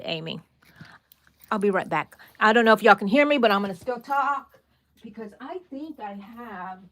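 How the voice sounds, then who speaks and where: A woman's voice: fairly high pitch, a bit bright, no room sound. A middle-aged woman, hosting a casual crochet livestream, counting stitches and chatting with viewers by name. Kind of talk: casual livestream tutorial chat.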